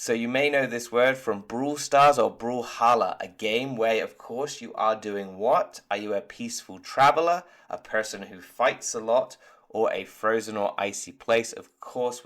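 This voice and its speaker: A man's voice: fairly low pitch, a bit bright. Upbeat man teaching an English lesson. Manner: upbeat, encouraging, explains patiently. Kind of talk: online vocabulary lesson. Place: lives in Turkey.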